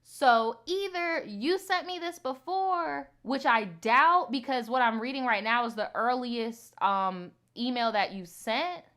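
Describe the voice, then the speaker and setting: Bright-voiced, blunt, swearing woman host. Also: on the high side, unhurried, hardly any pauses. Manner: blunt and profane, chatty asides to viewers. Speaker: storytime host. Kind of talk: casual chat, reading viewer stories aloud.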